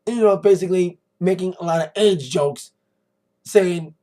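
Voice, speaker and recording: A man's voice: high-pitched, normal speed, warm tone. A man giving a rambling, chatty recap of a wrestling show in a casual monologue, correcting himself as he goes.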